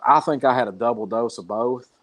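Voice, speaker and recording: A fairly quick man with a medium-pitched, somewhat bright voice is a podcast guest on a remote call. He spins a long, rambling story in a blunt way, dropping the occasional swear word, as part of a casual storytelling interview.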